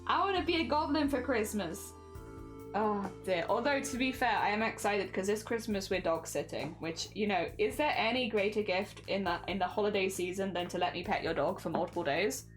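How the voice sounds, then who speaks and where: A woman's voice: mid-range voice, fairly quick, soft background music. A woman livestreamer chatting casually with viewers while crafting, giggly and rambling, laughing often.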